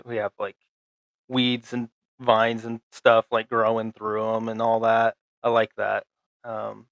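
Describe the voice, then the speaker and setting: A young man co-hosting a podcast, recapping a show in a halting, rambling way full of fillers and restarts. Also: medium pitch, a bit bright, no room sound. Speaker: podcast co-host.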